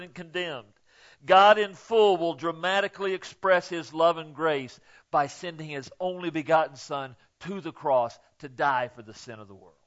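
A man preaching a sermon to his congregation in a folksy, emphatic way, often checking in with "okay?" and swinging from quiet asides to loud, stressed lines. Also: on the high side, lo-fi sound. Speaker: pastor.

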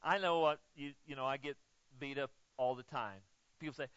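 A pastor preaching a sermon, swinging from loud emphatic lines to soft, low ones. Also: male voice, moderate pace, clean tone, dry recording. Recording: dull, muffled, dry sound.

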